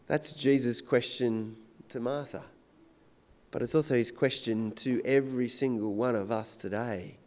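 A man preaching a sermon, swinging between loud emphatic declarations and hushed, intense questions. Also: medium pitch, moderate pace.

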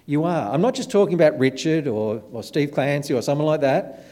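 A man giving a sermon, telling stories in an animated, self-deprecating way. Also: a little high, a little fast. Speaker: preacher. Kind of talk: storytelling sermon.

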